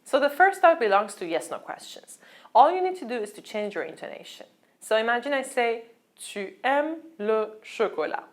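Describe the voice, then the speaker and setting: A woman, teaching an online language lesson, who explains patiently and says her examples slowly. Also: a little high, big pitch swings.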